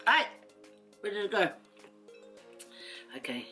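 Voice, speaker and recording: Slow, bright-voiced playful Samoan woman. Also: lowish voice, lively intonation, soft background music. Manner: playful, teasing the food, giggly. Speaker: mukbang vlogger. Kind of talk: casual eating chat to camera.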